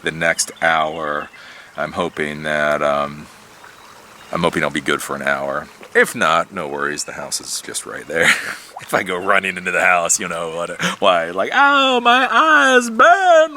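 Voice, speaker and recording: A man's voice: low-pitched, pushed and bright, slight background noise. A man hosting his own channel, rambling casually and animatedly outdoors, swearing and laughing now and then. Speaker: tech YouTuber. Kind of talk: casual monologue vlog.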